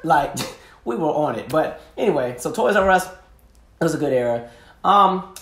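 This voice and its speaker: Animated slangy male podcast host. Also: a little high, moderate pace, roomy sound. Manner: animated, slangy, laughs often, acts out quotes. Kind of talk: casual storytelling monologue.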